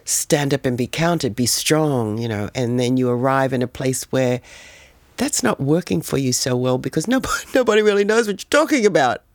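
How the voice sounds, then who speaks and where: Older woman, animated storyteller in interview, pitch all over the place. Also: normal speed, no room sound. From New York, USA. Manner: animated, acts out voices in her stories.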